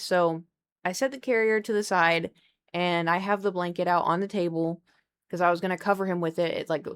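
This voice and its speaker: Young woman streamer rambling thru a story at her desk mic, chatty and animated, keeps stopping to scold her cat. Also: lowish voice. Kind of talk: casual storytelling to live chat. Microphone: desk microphone.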